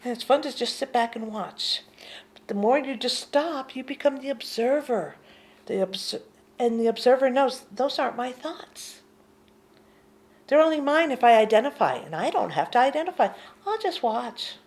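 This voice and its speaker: A woman giving a gentle spiritual teaching talk, unhurried and often sinking to a hushed near-whisper. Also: a little high, animated.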